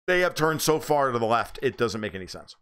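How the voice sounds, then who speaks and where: Casting: male livestream host from the US, mid-pitched, blunt, sarcastic, swears freely. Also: sing-song, fairly quick, a bit bright, clean tone. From United States. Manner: mocks others in high squeaky voices. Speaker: livestream host reading chat. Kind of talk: casual political livestream commentary.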